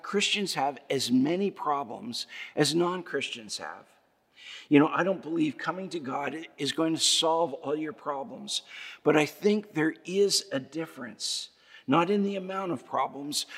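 A man's voice: medium pitch, gravelly, husky. A man preaching a sermon as pastor, building emphasis through repeated phrases and rhetorical questions. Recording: long hall reverb.

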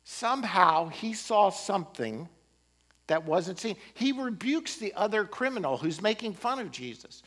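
A man's voice: high voice, measured pace. A man preaching a sermon as pastor, building emphasis with rising and falling delivery. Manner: animated, rising and falling emphasis with occasional laughs.

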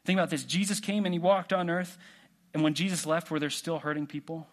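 A man preaching a sermon in a relaxed, conversational way, asking the congregation questions. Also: fairly high pitch, brisk. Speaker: pastor.

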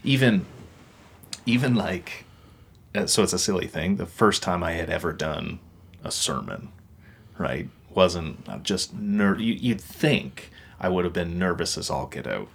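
A young man's low voice is expressive, gravelly, and slightly breathy, and he takes his time. As a podcast co-host in casual conversation, he rambles hesitantly and keeps starting over.

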